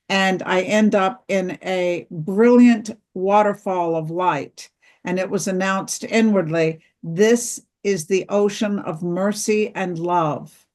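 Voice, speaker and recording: A middle-aged woman, an author and interview guest, telling a personal story slowly and earnestly, acting out the dialogue. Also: on the low side.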